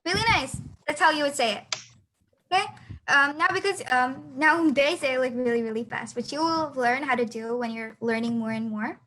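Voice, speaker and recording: Teenage girl, high voice, bright tone, hesitant, lots of fillers, video call lesson. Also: moderate pace, poor audio. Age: teens. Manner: hesitant, many fillers and restarts. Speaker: student teacher. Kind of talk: online class lesson.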